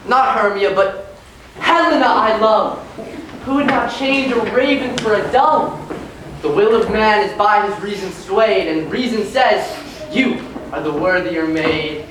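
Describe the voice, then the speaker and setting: An actor playing an ardent young nobleman declares his love in a mid-pitched, passionate voice on a theater stage. The sound is far off and echoey, with noise underneath. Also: unhurried, lightly acted. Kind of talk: live stage acting.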